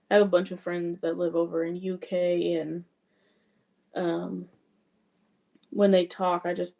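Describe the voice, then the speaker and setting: A woman's voice: lowish voice, warm tone. A woman from Wyoming with a mixed Wyoming and Southern accent, chatting casually on a livestream and answering viewer comments. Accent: mixed Wyoming and Southern Louisiana. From Wyoming, USA. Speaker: cross-stitch livestreamer.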